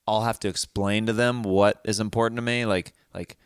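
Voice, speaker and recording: Male podcast host; animated banter, smooth low voice, dry recording. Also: a little fast, dry recording. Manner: animated, joking, with many restarts. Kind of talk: casual chat.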